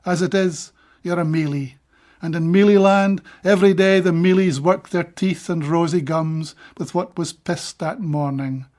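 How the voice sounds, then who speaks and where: A Scottish man giving a measured, deliberate poetry reading of his own translations, with brief plain-spoken asides between poems. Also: fairly high pitch, darkish tone.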